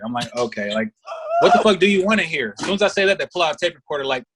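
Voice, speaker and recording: A man's voice: on the high side, rapid-fire, background noise. A man as a podcast guest, telling a story in casual, profane talk and acting out the voices of the people in it. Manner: profane, animated, acts out voices in anecdotes.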